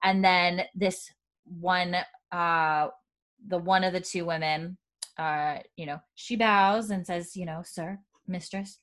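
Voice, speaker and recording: A woman hosting a casual podcast, walking through a TV episode scene by scene. Her voice sits a bit low, and she quotes the lines with plenty of fillers and frequent laughs. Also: fairly even intonation, slow pace, a bit bright. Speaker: podcast host recapping a TV episode. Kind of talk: casual chat.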